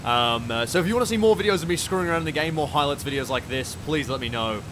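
A young Australian man giving excitable, swear-filled commentary while playing a video game. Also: a little high, fast, noisy background. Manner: excitable, swearing, laughing at chaos. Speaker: gaming YouTuber. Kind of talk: live gameplay commentary.

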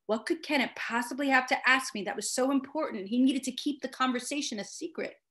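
A woman's voice: high voice, a little fast. Woman reading her own story aloud. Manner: expressive first-person storytelling. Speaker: author.

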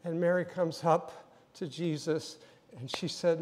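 A male pastor in a church sanctuary, delivering a sermon as a story. His voice sits fairly high, and he acts out the scenes and builds to loud emphasis. Long reverb rings through the big hall around him. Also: steady tone, unhurried, slight background noise.

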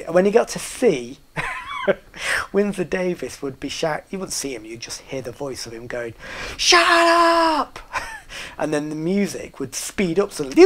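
A man's voice: fairly high pitch, slight background noise. Middle-aged man, northern English accent, loose rambling anecdote delivery, hesitant, laughs along with his own tale. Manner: rambling, hesitant, with many fillers and restarts. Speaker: storyteller. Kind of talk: casual anecdote telling.

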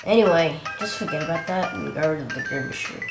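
A woman's voice: sits low, animated, brisk. A woman with a cough giving rambling, chatty commentary on a game walkthrough, exclaiming at the action. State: coughing and clearing throat. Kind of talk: casual gameplay commentary. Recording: roomy with game music behind.

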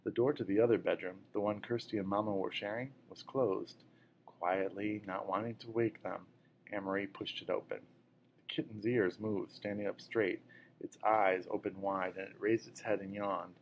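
A man with a fairly low voice reads a novel aloud at an even pace, pausing to fix the odd slip. A faint hum of room noise sits under his voice. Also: muffled recording. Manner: steady reading with small self-corrections. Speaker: reader.

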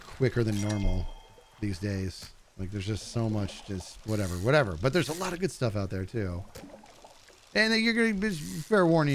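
A man giving chatty live commentary while playing a fishing game, reading chat and yelping when things go wrong. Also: a little hiss or hum. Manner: animated, chatty, jumps to high panicky yelps.

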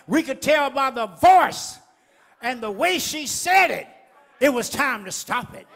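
High, bright-voiced fiery preacher. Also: male voice, lively intonation, a little slow, a faint crowd. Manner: fiery call-and-response preaching, shouting at peaks. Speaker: pastor. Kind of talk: sermon. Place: church sanctuary. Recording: echoey church hall.

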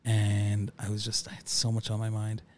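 A man's voice: on the low side, monotone, moderate pace, a little mellow, slight background noise. A man who works as a private chef, chatting casually on a podcast and repeating key phrases for emphasis.

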